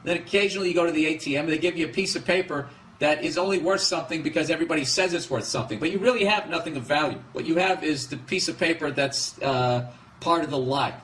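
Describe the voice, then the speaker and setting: A man's voice: on the high side, fast talker, a bit bright, a little hiss or hum. A middle-aged man hosting a podcast, ranting in a rambling, comedic way, profane and exasperated, often breaking off and restarting his sentences. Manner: profane, exasperated, self-interrupting. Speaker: podcast host.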